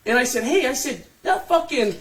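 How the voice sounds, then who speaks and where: A man in his fifties, a podcast co-host, telling a profane, animated story and acting out what others said. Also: extremely high pitch, moderate pace. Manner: profane, animated, acts out quotes. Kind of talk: casual storytelling chat. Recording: distant mic, faint noise.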